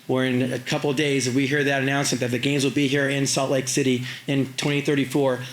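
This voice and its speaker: A man, an Olympic champion, giving halting, emotional remarks at a public event, with many fillers and restarts. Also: medium pitch, flat delivery. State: choked up with emotion. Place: airport event space. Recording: echoey event hall.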